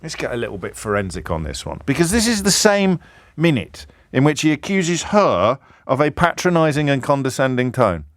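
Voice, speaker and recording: A man's voice: mid-range voice, big pitch swings, normal speed, no room sound, studio quality. A man hosting a radio talk show, reading messages aloud with sardonic, incredulous commentary. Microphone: studio microphone.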